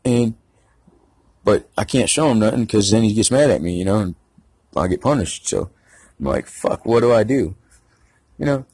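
A man's voice: lowish voice, lively intonation, moderate pace, pauses often, a little mellow, husky, no echo. A man telling a rambling, profane story in a casual rant. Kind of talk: casual ranting anecdote.

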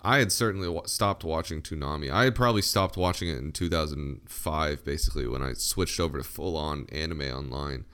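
A man's voice: very deep voice, brisk, few pauses, fairly bright tone, smooth. A man in his thirties co-hosting a podcast, chatting casually and joking in a laid-back way that often trails off. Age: 30s. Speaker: podcast co-host. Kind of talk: casual chat.

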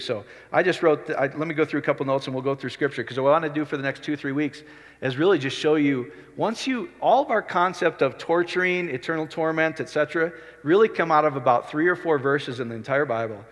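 A male pastor preaching a sermon in a conversational way, often rising to excited emphasis. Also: on the high side, in a large hall.

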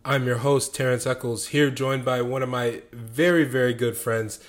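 A man's voice: mid-range voice, fairly even intonation, moderate pace. A young man hosting a podcast, chatting casually with a friend and laughing easily. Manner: easygoing, laughs often. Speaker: podcast host. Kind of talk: casual chat.

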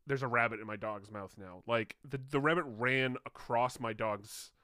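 A man's voice: mid-range voice, normal speed, bright, forceful tone, smooth, no echo, clean studio sound. A young man co-hosting a podcast, chatting casually with loose swearing and frequent laughter. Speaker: podcast co-host. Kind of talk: casual chat.

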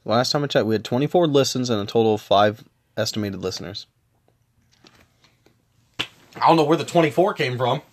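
Sleepless podcaster being sarcastic, kinda husky voice, mid pitch. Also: lively intonation, quick pace. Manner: dry, sarcastic teasing. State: tired, sleepless. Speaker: podcast co-host. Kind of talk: casual chat.

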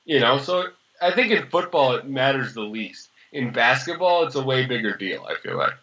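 A young man in his early twenties talks sports on a casual podcast, rambling and sarcastic. His voice is bright and forceful. The recording sounds a little dull and lo-fi. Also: medium pitch, animated. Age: early 20s. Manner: rambling, sarcastic, quick to laugh. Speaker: podcast co-host.

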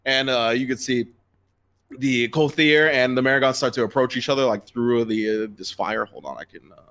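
Male game master, middle pitch, loose rambling narration. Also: moderate pace, a bit bright. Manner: rambling, filler-heavy description.

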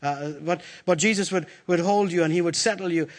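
A middle-aged man preaching a lively sermon in a church, joking and calling out to the congregation. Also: sits high, fairly quick. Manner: animated, playful preaching with call-outs to the congregation. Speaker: pastor.

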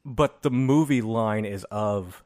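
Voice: medium pitch, slow, a little mellow. A podcast co-host running a movie-quote quiz in casual chat, playful and teasing.

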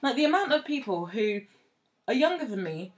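A woman's voice: fairly high pitch, sing-song, moderate pace. A woman in casual chat, blunt and opinionated, swearing freely.

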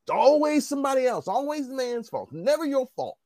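A man's voice: extremely high pitch, big pitch swings, fairly quick, a little mellow, dry recording. A man in casual conversation, ranting bluntly and profanely. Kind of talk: casual chat.

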